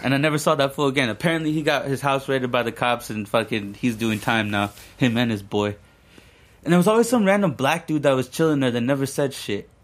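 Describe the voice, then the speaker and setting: Chill young dude rambling through a story, swears a lot, easy podcast chat. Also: male voice, medium pitch, brisk. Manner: profane, rambling, laid-back. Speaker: podcast co-host. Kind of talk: casual storytelling.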